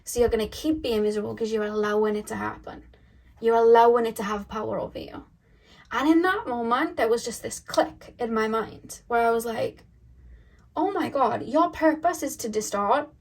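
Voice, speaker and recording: A woman tarot reader tells a spiritual story straight to camera. She rambles and circles back, stressing her points with lots of fillers. Her voice sits a little high. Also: a little fast, darkish tone.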